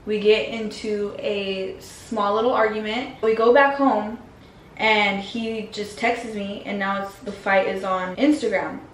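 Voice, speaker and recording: A woman's voice: medium pitch, steady tone, a little slow, recorded from a distance, slight background noise. A woman vlogger telling a personal story in a frank, slangy, casual way. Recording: roomy, mic set back.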